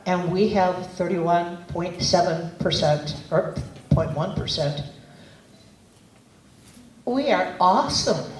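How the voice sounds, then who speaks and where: A woman's voice: on the low side, darkish tone. A woman with a Midwestern American accent, telling earnest, meandering stories with many fillers in a public speech at a community festival. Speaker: festival speaker. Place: outdoor community festival stage. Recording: echoey, distant PA with faint ambience.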